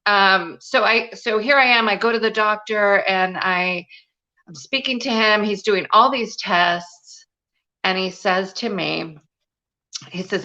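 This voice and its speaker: A woman's voice: medium pitch, a little slow, sharp tone, lo-fi sound. A woman guest telling a personal story in a live interview, earnest and confiding, with many "you know" fillers. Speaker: guest, spiritual and business mentor.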